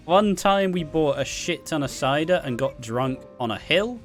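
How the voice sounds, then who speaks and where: A man's voice: fairly high pitch, lively intonation, normal speed, soft background music. Sweary young Welsh man telling stories. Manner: sweary, laughing, rambling anecdotes. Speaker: vlogger. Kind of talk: casual storytelling.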